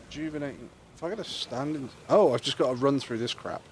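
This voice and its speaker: A man's voice: medium pitch, fast, slight background noise. A young man chatting casually and joking with his viewers while streaming a game. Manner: chatty, joking, talks to chat. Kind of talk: casual gameplay chat.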